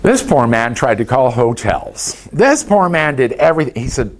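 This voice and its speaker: Lively, folksy man speaking to caregivers. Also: mid-range voice, normal speed. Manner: folksy anecdotal storytelling. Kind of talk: motivational talk to an audience.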